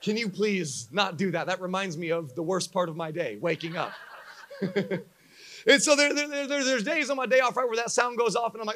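A young man preaching a sermon to a congregation, telling stories with lively acted-out voices. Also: high-pitched, moderate pace. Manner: animated storyteller acting out voices for a live congregation. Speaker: pastor.

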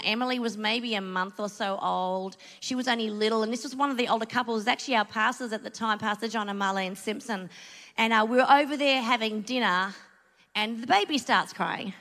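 Here a church speaker, a middle-aged Australian woman, delivers a sermon built around a personal story, earnest and conversational, dotted with asides. Her pitch runs fairly high and her tone is fairly bright, with long reverb from the hall around her.

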